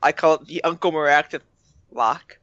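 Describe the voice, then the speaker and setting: A man's voice: on the high side, moderate pace, fairly bright tone, dry recording. A tired man co-hosting a podcast late at night, reading a listener's story in a playful way. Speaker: podcast co-host. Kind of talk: casual podcast chat, reading listener mail. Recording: dull, dry home mic.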